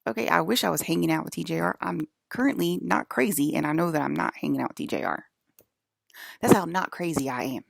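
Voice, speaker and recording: Low, very gravelly woman vlogger. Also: brisk, dry recording, clean studio sound. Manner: emphatic, repeats herself, addresses viewers directly. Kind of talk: rambling casual monologue to viewers.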